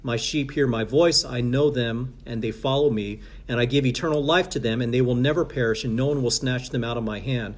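Man teaching Bible study, halting. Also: medium pitch. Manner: reads scripture aloud, halting with many fillers and restarts.

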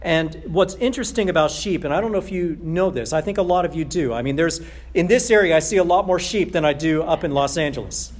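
A man preaching a sermon as a pastor, emphatic and repeating key phrases, slowing down on scripture quotes. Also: on the high side.

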